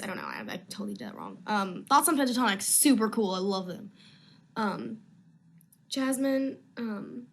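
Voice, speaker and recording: A woman's voice: on the high side, big pitch swings, moderate pace, fairly bright tone, husky. A young woman actress chatting casually on a live video stream from home, answering fan questions in a rambling, easily sidetracked way.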